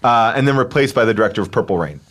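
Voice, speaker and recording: A man co-hosting a casual podcast, reading out film trivia in an animated way, laughing often and filling pauses with "uh" and "um.". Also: mid-range voice. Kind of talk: casual chat.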